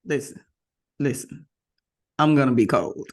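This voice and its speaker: A woman co-hosting a podcast, chatting casually in an animated way and quick to laugh. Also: on the low side. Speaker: podcast co-host. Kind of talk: casual chat.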